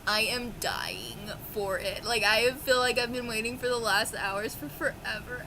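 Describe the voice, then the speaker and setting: A woman's voice: fairly high pitch, lively intonation, a little slow, noisy background. A young woman with a dry, coughing throat, gushing and swearing casually as she chats through her monthly reading wrap-up for her book vlog. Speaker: book vlogger.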